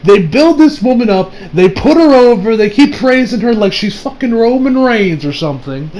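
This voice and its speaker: A young man casually reviewing an anime episode, excitable and profane, laughing often. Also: very high voice, normal speed.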